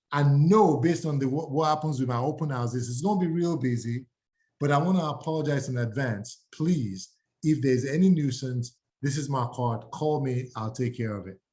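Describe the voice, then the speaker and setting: A man teaching real estate agents, energetic and acting out sample door-knock pitches. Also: moderate pace. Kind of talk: live training talk to agents.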